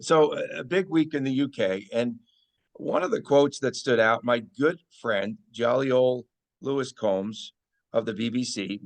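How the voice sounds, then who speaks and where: A man's voice: mid-range voice, measured pace. A man hosting a sports podcast in a playful, teasing way, often mock-outraged. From Las Vegas. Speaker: podcast host. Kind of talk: casual sports podcast chat.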